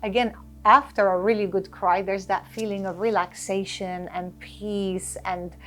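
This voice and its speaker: A woman's voice: mid-range voice, a little slow, a little hiss or hum. A woman guest in an interview, talking earnestly about handling stress and acting out little scenes to make her point. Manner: earnest, animated, advice-giving with acted-out examples. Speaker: interview guest, life coach. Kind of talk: conversational interview.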